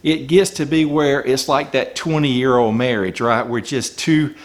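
A man's voice: mid-range voice, fairly even intonation, measured pace. A man coaching small business owners, talking emphatically and firing off rhetorical questions from the customer's point of view. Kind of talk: business advice talk.

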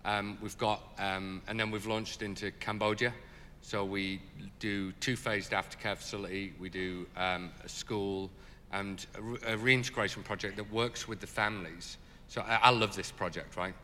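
A man telling stories in an interview as a charity leader, animated and full of fillers. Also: fairly low pitch, moderate pace, long reverb tail, a little hiss or hum. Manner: animated, lots of fillers, laughs as he tells it. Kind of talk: storytelling in an interview.

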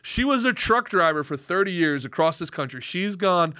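A man with a bright, slightly raised voice hosts a casual podcast from a dry studio. He wanders through his stories with fillers and restarts, then lands his points with emphasis. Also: high-pitched, expressive, normal speed, dry recording. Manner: rambling, hesitant, with many restarts, then emphatic. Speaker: podcast host.

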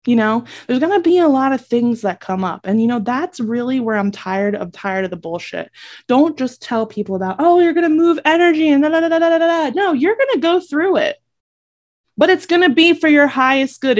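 A young woman with a fairly high voice hosts her own podcast, delivering a passionate solo monologue. She talks emphatically and bluntly, with plenty of swearing and repeated phrases for emphasis. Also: expressive, moderate pace. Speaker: podcast host and reiki practitioner.

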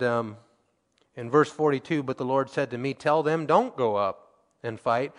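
A man delivers a sermon in a large hall, reading scripture aloud and performing quotations, his volume rising to emphasis and dropping to quiet. His pitch is fairly high.

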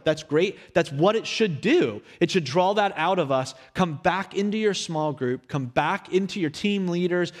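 A young male pastor giving a sermon in his church, telling stories from his childhood in a lively storytelling manner. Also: on the high side. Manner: storytelling, animated, acts out his younger self in quotes. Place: church sanctuary. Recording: echoey hall.

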